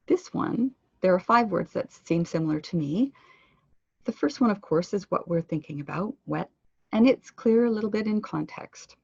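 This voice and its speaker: A woman leads an online pronunciation lesson in a low, gravelly voice with a husky edge. She speaks deliberately and slows down to model each word. The audio is dry and a little dull, like a web conference microphone. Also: darkish tone, dry recording. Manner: clear, deliberate teaching delivery, slowing down to model words. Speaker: pronunciation instructor. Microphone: computer microphone on a web conference.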